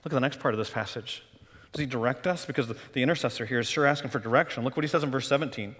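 A man preaching a sermon as pastor, talking conversationally and then rising to loud, emotional cries. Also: mid-range voice, very fast, in a large hall.

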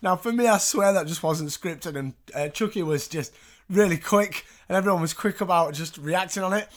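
A man hosts in a loose, chatty way, recapping matches with asides and the odd swear. His voice sits a touch high for a man. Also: normal speed. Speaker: podcast host. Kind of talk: casual recap commentary.

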